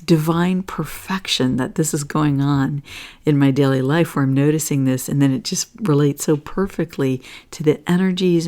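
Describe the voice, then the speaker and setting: A woman's voice: low-pitched, darkish tone. A woman hosting an astrology and energy talk, rambling casually with lots of fillers and frequent "okay?" check-ins. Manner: earnest, gets emotional. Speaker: astrology and energy reading host. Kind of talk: casual spiritual talk over charts.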